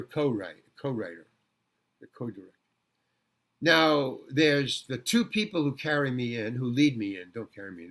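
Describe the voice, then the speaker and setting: An older man from New York, a guest actor telling stories in a casual interview, rambling with restarts and acting out quotes. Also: mid-range voice. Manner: rambling, animated, full of restarts and acted-out quotes.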